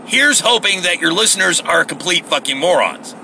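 A man's voice: high-pitched, expressive, normal speed, gravelly, sharp tone, slight background noise. A man delivering a heated, sarcastic monologue full of swearing. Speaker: online commentator. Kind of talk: profane ranting monologue.

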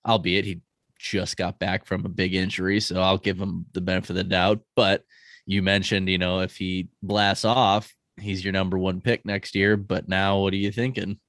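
Male podcast co-host, low voice, dry sound, easygoing, talks football. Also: little pitch movement, moderate pace, fairly bright tone, no echo. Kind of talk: casual sports chat.

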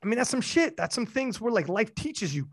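A man in his forties tells a personal story in a loose, candid chat, swearing freely and not hiding his feelings. His voice sits a little high for a man. The recording is close and dry. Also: sing-song, brisk, dry recording. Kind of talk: casual chat.

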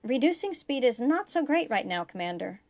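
A woman reading a young male ensign who pilots a small ship, reporting in quick, tense bursts. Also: medium pitch, a little mellow, close to an everyday voice.

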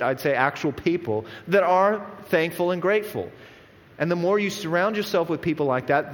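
A man delivers a sermon in an earnest, conversational manner, often restarting his sentences. His voice sits a little higher than most men's. The sound carries the long echo of a large church hall. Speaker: pastor.

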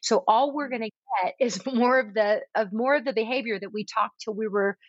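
A woman coaching on parenting in casual conversation, animated, often acting out what a parent says to the children. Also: fairly high pitch, a little fast, slightly rough, dry recording. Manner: animated, acts out soothing parent dialogue. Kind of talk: conversational advice. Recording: slightly dull, dry recording.

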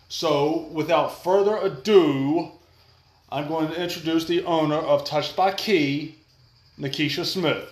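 Blunt jokey guy hosting his podcast, kinda high voice, echoey room. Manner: brash, blunt and joking. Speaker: podcast host. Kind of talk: casual podcast chat.

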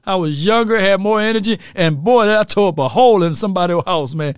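A man's voice: sits high, a little fast, clean tone, dry recording, clean studio sound. A man ranting animatedly about football as a fan commentator, laughing at himself.

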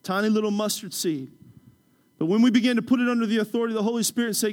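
A man pastor preaching a passionate sermon in a church, swinging from loud urgent calls to quiet prayer. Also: sits high, very fast. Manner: impassioned preaching, rising loud then dropping soft.

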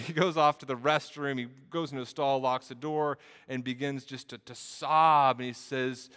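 Bright, clear man preaching in a hall. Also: mid-range voice, fairly even intonation, normal speed. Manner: storytelling, building to emphatic preaching. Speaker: pastor. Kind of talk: sermon.

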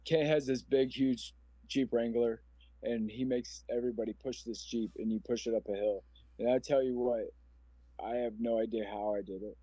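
A man's voice: mid-range voice, steady tone, normal speed, mellow, no room sound. A man in his forties from Omaha, Nebraska, telling his personal story as a podcast guest in an earnest, rambling, emotional way. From Omaha, Nebraska, USA. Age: 40s.

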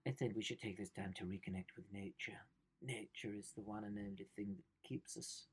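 A man's voice: lowish voice, fairly even intonation, brisk, slightly rough. Slangy joking young man. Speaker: host. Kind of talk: comedic news commentary.

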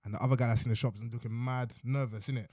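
A young man telling a story in casual chat, lively and slangy, often tagging lines with "innit". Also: medium pitch, racing, dry recording, studio quality. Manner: animated, slangy, repeats "innit" and "you know what I mean".

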